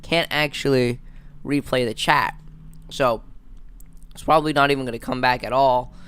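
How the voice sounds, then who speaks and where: A man's voice: medium pitch, steady tone, normal speed, fairly bright tone, clean tone. A man in his twenties hosting a live stream, rambling and stammering through casual jokes. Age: 20s. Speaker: livestream host.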